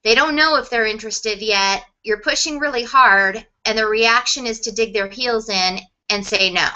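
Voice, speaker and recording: A middle-aged woman sales coach teaching a webinar, chatty and quick, with restarts and laughs. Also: fairly high pitch, bright, forceful tone, muffled recording.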